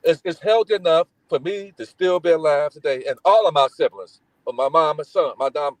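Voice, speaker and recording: Animated storytelling man with a dry close sound. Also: a little high, fairly quick, dry recording, rough recording. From Gary, Indiana, United States. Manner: animated, acts out voices in his stories. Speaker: guest. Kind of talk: casual storytelling.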